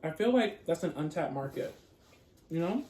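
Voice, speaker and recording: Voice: medium pitch, animated, normal speed, warm tone. A playful, chatty host talking casually while eating, describing food in detail and calling to viewers as y'all. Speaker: mukbang host. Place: home room with dogs nearby. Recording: echoey room.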